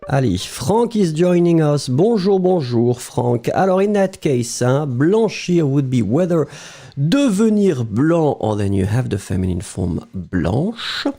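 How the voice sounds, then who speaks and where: Gravelly French teacher, lively delivery. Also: male voice, fairly high pitch, unhurried. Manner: explains patiently, greets viewers by name, switches between English and French. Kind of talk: live online language lesson.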